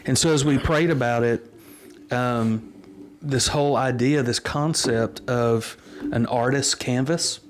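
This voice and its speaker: Speaking as an interview guest, a middle-aged pastor recounts his story in a slow, earnest drawl, occasionally restarting before carrying on. The voice sounds natural and unremarkable, pitched about where most men's are, and the setting is a casual interview.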